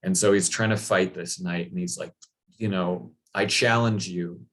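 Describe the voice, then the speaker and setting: Man, deep voice, casual storytelling talk, chatty, filler-heavy. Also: fairly even intonation, moderate pace. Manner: loose, chatty, many fillers. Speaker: speaker.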